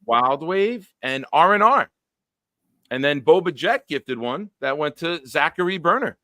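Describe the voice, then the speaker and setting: A man's voice: fairly high pitch, animated, measured pace, sharp tone, dry recording, studio quality. A man hosting a livestream on a video call, chatting casually and thanking viewers. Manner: thanks viewers for gifts, conversational. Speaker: show host.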